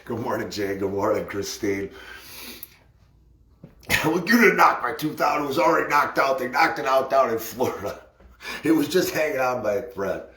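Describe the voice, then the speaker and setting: A man's voice: fairly low pitch, fairly bright tone, echoey room. A middle-aged man casually telling a rambling, self-mocking personal story, laughing often.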